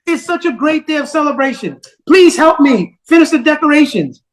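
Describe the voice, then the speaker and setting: A trusting young queen speaks in a high, raised voice, as a male storyteller puts her on. She sounds bright and pleading, and her lines lift higher than the narration around them. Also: expressive, normal speed. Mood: joyful.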